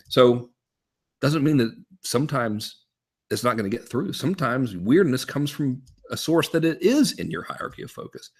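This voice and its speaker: A man teaching a casual business webinar as a coach, talking in an animated way and checking in with rhetorical "right?" and "okay?". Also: mid-range voice, husky. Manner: animated, frequent rhetorical "right?" and "okay?", swings up to emphatic peaks.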